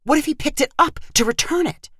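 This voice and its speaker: A woman voicing a young female skier who snaps, yells and demands. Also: sits high, expressive, brisk, dry recording, clean studio sound, pitched above the performer's own voice. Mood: puzzled. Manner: snappy, yelling, demanding.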